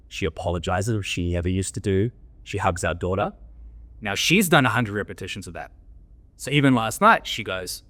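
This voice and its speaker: A man's voice: deep voice, lively intonation, normal speed, bright, forceful tone. Blunt, foul-mouthed man. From Australia. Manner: blunt, swears freely, coaching tone. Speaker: podcast guest, men's coach. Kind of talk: candid interview storytelling.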